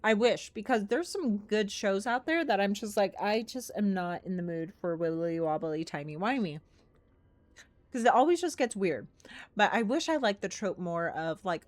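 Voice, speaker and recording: A woman's voice: mid-range voice, sing-song, moderate pace, no echo. A woman streaming a game, chatting casually and reacting aloud to what happens on screen.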